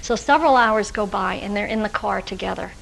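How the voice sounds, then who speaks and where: Woman, workshop presenter, conversational lecture, gravelly fry, faint noise behind. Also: medium pitch, brisk, fairly bright tone, low-quality recording. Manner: conversational, with frequent fillers and restarts. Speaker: workshop presenter for social workers. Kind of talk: recorded workshop lecture with personal anecdotes. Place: lecture room with a live audience.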